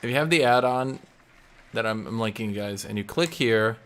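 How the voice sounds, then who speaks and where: A man streaming live, chatting casually and enunciating loudly into a desk mic. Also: normal speed, slight background noise. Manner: loud, enunciating into the mic, swings to a low normal voice.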